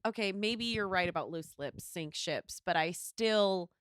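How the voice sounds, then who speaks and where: A woman's voice: lowish voice, unhurried, no room sound, studio quality. A young woman co-hosting a casual podcast chat, telling stories animatedly and acting out the voices of the people she quotes. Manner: animated storytelling, acts out quoted voices, swears freely. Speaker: podcast co-host.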